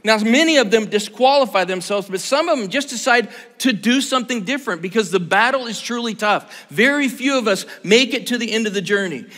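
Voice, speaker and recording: A man's voice: high voice, a bit bright. A man in his sixties preaching a sermon, talking casually and joking with his audience. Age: 60s. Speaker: pastor. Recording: long hall reverb.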